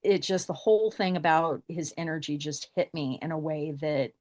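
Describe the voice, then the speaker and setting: A woman's voice: low voice, moderate pace, a little mellow, no echo, studio quality. A middle-aged woman telling a personal story as a podcast guest, acting out the exchanges she recounts.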